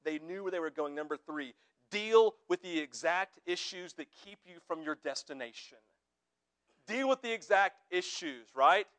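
High-voiced man preaching a sermon. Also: animated, moderate pace, a bit bright. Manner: conversational preaching, frequent tag questions. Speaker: pastor.

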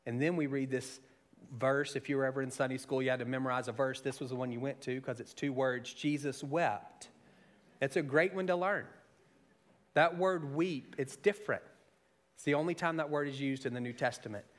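A man preaching a sermon, moving between soft, intimate asides and raised, emphatic storytelling. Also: mid-range voice, brisk. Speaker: pastor.

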